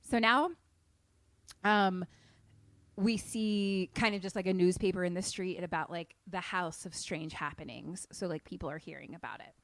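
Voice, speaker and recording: A woman's voice: lowish voice, normal speed, no room sound. Chatty woman retelling a film. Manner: animated, profane, acts out characters. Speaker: podcast co-host. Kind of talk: casual chat, retelling a film.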